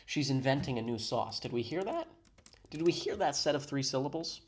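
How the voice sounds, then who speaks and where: Man, sarcastic reaction commentary, mock-admiring, animated intonation. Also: mid-range voice, brisk, a little hiss or hum. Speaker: reaction video host.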